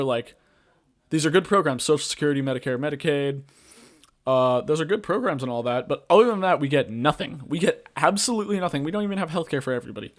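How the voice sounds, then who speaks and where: A man hosting a podcast, ranting casually about politics in a rambling, blunt way, full of filler words and swearing. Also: on the high side. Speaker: podcast host.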